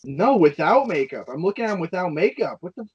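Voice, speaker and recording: A man's voice: sits high, big pitch swings, fairly quick. A man in a casual podcast chat who reacts with incredulous exclamations, on a dull lo-fi mic.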